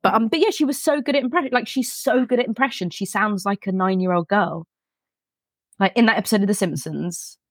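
A woman's voice: mid-range voice, brisk, dry recording, studio quality. An English woman, a podcast guest, chatting casually and with lots of animation, often laughing and slipping into quoted voices. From England. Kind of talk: casual chat.

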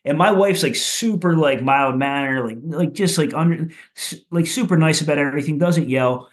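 Profane, rambling man from Philadelphia. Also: normal speed. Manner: loose and profane, with many "like"s and "you know"s; animated, goes higher when telling funny bits. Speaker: punk rock musician guest. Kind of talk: casual podcast storytelling.

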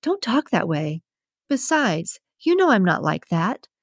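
A woman's voice: medium pitch, big pitch swings, a little slow, breathy edge, no room sound, full character voice. A sensible young waitress with a wry, dry way of answering back, read by a woman narrator close to her own voice. The sound is close and dry with no room around it.

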